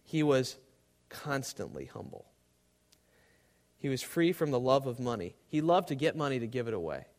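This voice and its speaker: A man preaching a sermon to a live congregation, swinging between loud emphasis and hushed, quiet tones. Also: medium pitch, very animated, moderate pace, long pauses.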